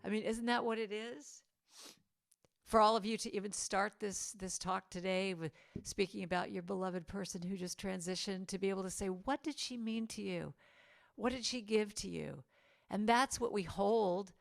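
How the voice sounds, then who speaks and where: A middle-aged woman giving a spiritual talk to a congregation over a video call, animated and playful, acting out the quotes she tells. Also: mid-range voice, normal speed, gravelly. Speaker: guest speaker and singer.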